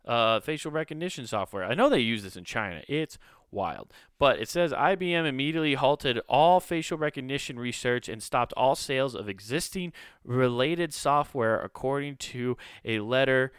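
A man's voice: mid-range voice, expressive, normal speed, a bit bright, smooth, no room sound, studio quality. A man hosting a casual podcast, rambling through a profane, sarcastic comedic rant.

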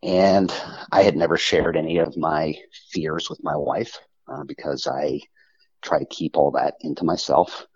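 Deep, raspy male guest, halting storyteller, dry close muffled recording. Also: fairly even intonation, a little mellow, no room sound. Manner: halting, with frequent restarts and pauses. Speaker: interview guest telling his story. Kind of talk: personal storytelling. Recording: muffled lo-fi audio.

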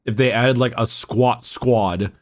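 A man's voice: medium pitch, fairly even intonation, slow. Laid-back, wry man chatting casually. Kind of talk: casual chat.

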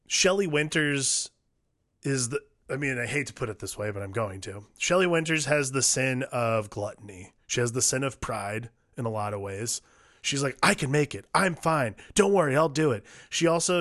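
A man's voice: medium pitch, fairly bright tone, no echo, studio quality. A man co-hosting a casual film discussion, rambling and profane, with many filler words. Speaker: podcast co-host.

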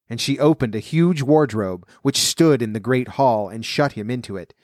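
Male storyteller, mid-pitched voice, steady fairy-tale narration, dry close recording. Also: normal speed, few pauses, no echo.

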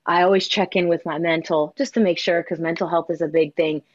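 A woman singer from New Jersey, talking candidly over a video call and telling animated stories with quoted asides. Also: lowish voice, a little fast, no echo, muffled recording. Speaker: singer interviewed as guest. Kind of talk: casual video-call interview.

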